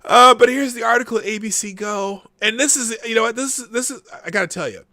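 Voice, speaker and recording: A man's voice: extremely high pitch, quick pace, bright, forceful tone, dry recording, studio quality. A man hosting a casual live-stream commentary show, sarcastic and rambling, reading news articles aloud between asides.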